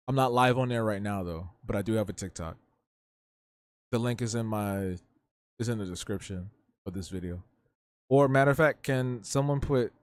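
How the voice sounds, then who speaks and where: A man's voice: medium pitch, dry recording, clean studio sound. A young man hosting a live drawing stream, chatting loosely in slang and answering his chat. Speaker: livestreaming artist.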